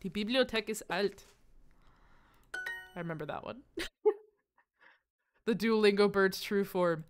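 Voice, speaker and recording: A woman streamer chatting casually to her live audience, excitable and quick to swear, with sudden loud outbursts, sounding out foreign phrases as she practices them. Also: mid-range voice, slight background noise. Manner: repeats foreign phrases aloud while practicing.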